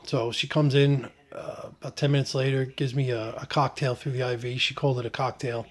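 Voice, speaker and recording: A man tells his story in a loose, conversational vlog style, full of ums, uhs and restarts. His pitch sits right in the middle for a man, and he keeps a casual, joking tone. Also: brisk. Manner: relaxed, joking, frequent fillers and restarts. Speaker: vlogger recounting his surgery. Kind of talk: casual first-person storytelling.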